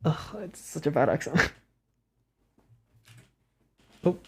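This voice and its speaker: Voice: medium pitch, takes it slowly, breathy edge. A young adult from Wales with a Welsh accent, chatting casually with viewers on a live art stream, giggling often and rambling.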